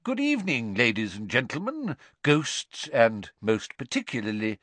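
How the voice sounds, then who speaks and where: A man's voice: mid-range voice, huge pitch swings, unhurried, dry recording, exaggerated voice. Dumbledore, genial old headmaster, read by a man. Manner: warm, stately welcome. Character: genial, beaming elderly wizard headmaster.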